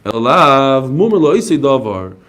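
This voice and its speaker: A man giving a daily Talmud class, telling stories with quick asides. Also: mid-range voice. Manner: animated storytelling, quick asides. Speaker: Talmud teacher. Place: study hall class.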